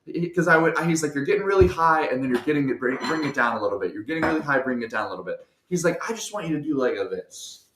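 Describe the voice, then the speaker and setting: A young man tells a personal story with plenty of energy. He acts out every voice in it, drops to soft asides and builds to full shouts. The room is echoey. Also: on the high side, animated, very fast, few pauses, a little hiss or hum. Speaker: guest storyteller.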